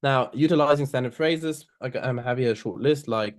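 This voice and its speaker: A young man giving an online seminar on oral advocacy, talking loosely with many fillers and restarts, and slowing right down to show a point. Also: medium pitch. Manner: loose, filler-heavy delivery, slowing down to demonstrate.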